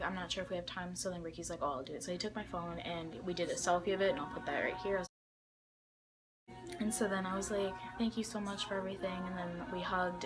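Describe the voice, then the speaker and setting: Young woman vlogging, telling a story all chatty and rambly, music in the background. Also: on the low side. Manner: chatty, many fillers and quoted dialogue. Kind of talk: casual storytelling.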